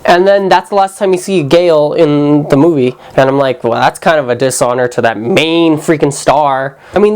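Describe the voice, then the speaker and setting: Brief: young male vlogger, casual and animated, slangy review rant. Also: on the high side. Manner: animated, slangy, lots of "like" and mock quotes. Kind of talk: casual movie review vlog.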